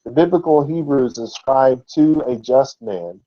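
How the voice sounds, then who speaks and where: A man preaches in a relaxed, conversational way, with a dark, mellow tone at a middling pitch. He teaches the Bible and leans on rhetorical questions. The recording is dull and lo-fi. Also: a little slow. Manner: informal, asks rhetorical questions. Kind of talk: conversational sermon.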